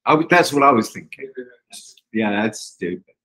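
A man's voice: fairly low pitch, animated, moderate pace, sharp tone, rough recording. A man hosting a live play reading, making wry jokes to a small audience in a room. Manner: joking, wry asides. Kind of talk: casual live introduction.

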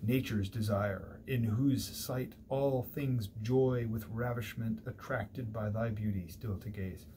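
Smooth flattering tempter guy whispering at a sleeper's ear, a lecturer reading him out. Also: on the low side, slow, hardly any pauses, slight background noise. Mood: coaxing. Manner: coaxing, flattering.

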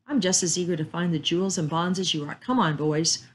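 A woman reading aloud and voicing an older, quick-tempered mansion owner who talks in a snappish, demanding way. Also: on the low side, slight background noise, lightly acted. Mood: eager.

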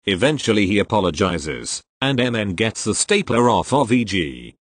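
A man reading online posts aloud as storytelling, in a wry, expressive manner. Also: lowish voice, normal speed, hardly any pauses, dry recording.

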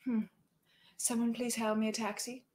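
A confused princess played by a woman muses quietly among ruins. Her voice is soft and a little high, with thoughts that trail away. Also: flat delivery, normal speed, lightly acted. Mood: wistful. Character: confused, wistful princess alone in a ruined London.

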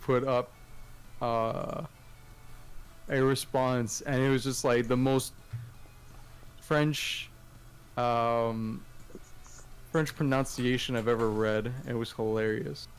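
Slow-talking playful man. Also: medium pitch, fairly even intonation, clean tone, faint music behind. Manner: rambling, playful, trailing off. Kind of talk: casual chat.

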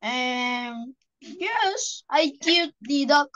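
A woman's voice: high-pitched, expressive, extremely slow, a bit bright, no room sound, lo-fi sound. A woman, a native Spanish speaker, answering hesitantly as a student in an online English class. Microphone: video call.

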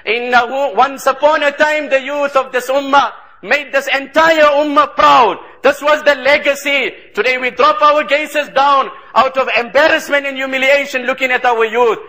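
A man's voice: very high-pitched, steady tone, normal speed, few pauses, bright, forceful tone. A man preaching an impassioned sermon, emphatic and repeating phrases for stress.

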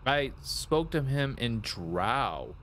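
Man voicing a scared young game woman, soft, low, hesitant. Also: big pitch swings, drawn-out words, slight background noise, heavily acted. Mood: timid. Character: timid, frightened young woman, apologetic.

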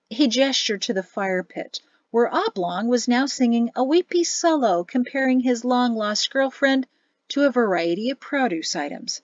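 A woman narrating an audiobook in an expressive storytelling voice. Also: on the high side, normal speed, dry recording, highs cut off. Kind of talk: scripted narration.

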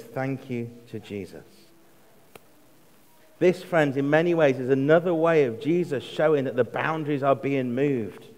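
English man preaching in a reverberant church. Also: a little high. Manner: measured, slows for emphasis, drops to a hush on quotes. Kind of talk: sermon. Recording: long reverb of a church hall.

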